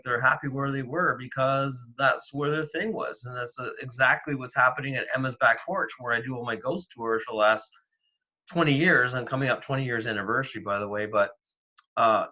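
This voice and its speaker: A man from Canada, a paranormal investigator, talking in a rambling, animated way with lots of fillers. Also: mid-range voice. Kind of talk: casual interview talk. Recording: dull, lo-fi remote audio.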